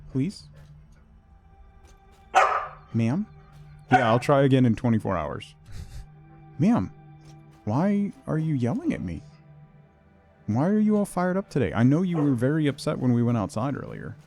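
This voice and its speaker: Gravelly-voiced man streaming a game. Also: medium pitch, very animated, unhurried, long pauses, dark tone, faint music behind. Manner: chatty, talks to his cat and chat. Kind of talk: casual gameplay commentary.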